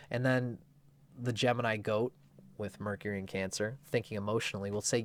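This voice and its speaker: A man talks through astrology off the cuff, animated and excitable, often restarting his sentences. His voice sits at a middling pitch. The recording is dry and close. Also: normal speed, no room sound. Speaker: astrologer presenting a video. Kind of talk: unscripted explanatory talk.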